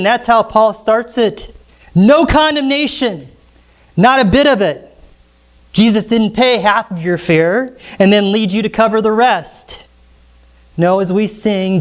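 A man with a notably high voice preaching to his congregation. He hammers home key phrases by repeating them and keeps asking the listeners questions. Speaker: pastor. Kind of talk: sermon.

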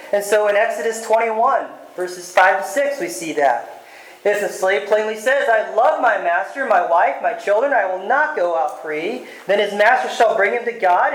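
A man preaching a sermon as pastor, earnest and direct, calling his listeners loved ones and asking them rhetorical questions. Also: high voice. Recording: roomy echo.

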